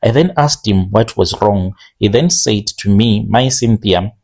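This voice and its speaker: Recounting an odd confession of his own, a Zimbabwean storyteller keeps a plain, even delivery and eases up on certain careful phrases. His voice sits on the low side.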